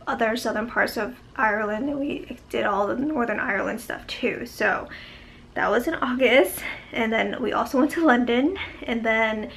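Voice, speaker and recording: A woman's voice: fairly high pitch, normal speed, gravelly, a bit bright, a little hiss or hum. A young woman vlogging a casual life update, a bit short of breath and chatty, with lots of fillers.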